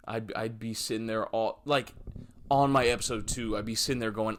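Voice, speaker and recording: A young man hosting a solo podcast, rambling through comic stories and acting out scenes in yelpy high voices, self-mocking and loose. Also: steady tone, normal speed, fairly bright tone, a little hiss or hum. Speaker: podcast host. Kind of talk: solo comedic podcast monologue.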